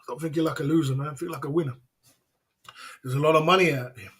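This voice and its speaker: A man talks straight into his livestream, his voice sitting a touch higher than most men's. He lectures bluntly, hammering the same points over and over with street slang. Short laughs slip out between his lines. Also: fast, a bit bright. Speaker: livestream host. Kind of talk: motivational livestream rant. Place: indoors in Thailand.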